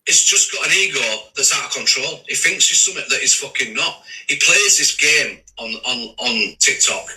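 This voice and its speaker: A man's voice: medium pitch, animated, moderate pace, sharp tone, recorded from a distance, poor audio. Man ranting on a livestream, off-mic. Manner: swearing, trading insults, stammering restarts. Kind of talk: heated livestream rant. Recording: voice a bit off-mic.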